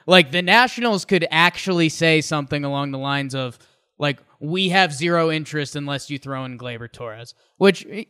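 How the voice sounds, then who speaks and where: Bright-voiced man in loose sports chat. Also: on the high side, clear, resonant tone. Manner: rambling, animated, many restarts. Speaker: podcast co-host.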